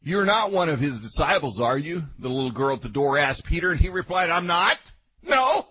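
A man preaching a sermon, swinging from loud outbursts to quiet asides, in a dull lo-fi recording. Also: fairly high pitch, lively intonation, brisk, breathy edge.

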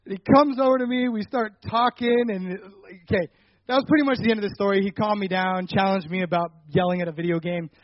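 A young man giving a personal faith testimony, telling a story animatedly and getting loud at the dramatic parts. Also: high voice, brisk, dull audio. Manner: animated storytelling, rising loud when retelling anger.

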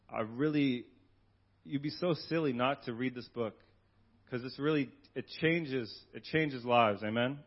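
A man's voice: mid-range voice, muffled recording. Earnest man praying in church. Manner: earnest, repeats "God" through the prayer. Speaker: church minister. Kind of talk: church talk and prayer.

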